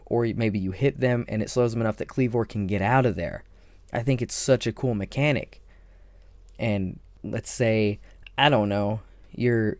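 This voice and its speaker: A man hosting a gaming channel, talking casually and excitedly about a video game, thinking aloud as he goes. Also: mid-range voice, no room sound. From Ireland. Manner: enthusiastic, rambling, thinks aloud.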